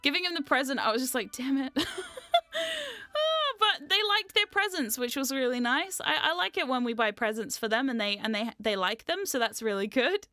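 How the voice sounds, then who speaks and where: Woman, high voice, sharp bright tone, animated, laughing, casual swearing, casual vlog chat. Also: moderate pace, dry recording. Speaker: VTuber vlogger.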